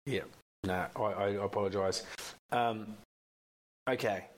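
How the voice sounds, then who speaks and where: A man's voice: fairly low pitch, steady tone, a little slow. An Australian man co-hosting a sports podcast, chatting casually and opinionated, rambling and swearing now and then. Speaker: podcast co-host.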